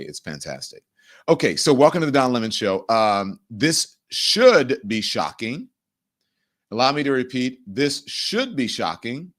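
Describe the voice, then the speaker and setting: A middle-aged man with a somewhat low voice hosts his own show in a loose, rambling way, full of fillers and warm gushing. When he turns to the news he grows emphatic and indignant, leaning hard on key words. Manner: chatty and effusive, rambling with fillers, rising to emphatic outrage. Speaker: show host. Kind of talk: casual chat turning to news commentary.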